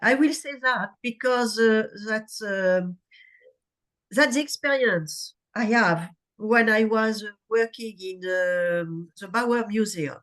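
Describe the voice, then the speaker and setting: French-accented woman, native french, chairs the session, slow halting english with lots of uhs. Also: medium pitch, a bit bright. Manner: halting, many uhs and restarts. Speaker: session moderator. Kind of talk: conference moderation.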